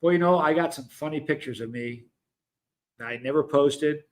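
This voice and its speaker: A man with a fairly high voice hosts a casual livestream. He talks loosely to his viewers, reads their comments aloud and often breaks off to restart his sentences. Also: normal speed. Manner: chatty, rambling, self-interrupting. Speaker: livestream host.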